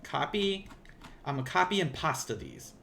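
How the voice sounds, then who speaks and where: Lively Southern man teaching while typing. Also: on the high side, normal speed, creaky, slight background noise. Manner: rambling, self-deprecating, thinks aloud while typing. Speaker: language teacher. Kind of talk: casual live-streamed lesson. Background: keyboard typing.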